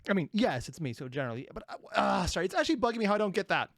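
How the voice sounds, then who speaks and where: A man's voice: high-pitched, very animated, rapid-fire, creaky, no echo, clean studio sound. A man hosting a reaction video, who laughs and rambles in casual commentary and pokes fun at himself. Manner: laughing, rambling, self-deprecating.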